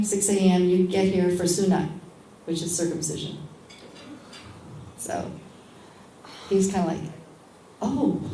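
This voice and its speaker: A middle-aged woman, a midwife being interviewed, tells a story in a casual, animated way and acts out other people's lines. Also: medium pitch. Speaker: guest, midwife. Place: event space at a lunch gathering. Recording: echoey room with background noise.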